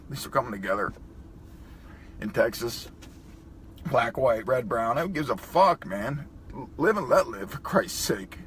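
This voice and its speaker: A man's voice: mid-range voice, lively intonation, a little slow, pauses often, a bit bright, slight background noise. A man talking emotionally in a profane vlog, crying and choked up as he speaks. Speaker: vlogger.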